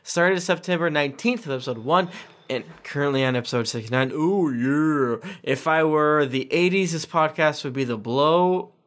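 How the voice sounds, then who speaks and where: A man's voice: a little high, fairly quick, fairly bright tone. A man hosting a podcast, reading listener reviews aloud with playful emphasis. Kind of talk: casual podcast chat.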